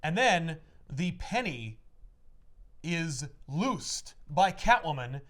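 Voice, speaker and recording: A man's voice: a little high, slow pace. A man co-hosting a podcast, retelling a comic plot in casual chat full of "like" asides. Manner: animated storytelling full of "like" asides.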